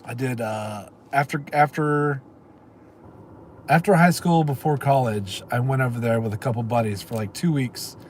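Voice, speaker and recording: A man's voice: mid-range voice, normal speed, a little mellow, slight background noise. A middle-aged man, hosting a livestream in a rambling casual chat and answering comments from viewers. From Texas. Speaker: livestream host.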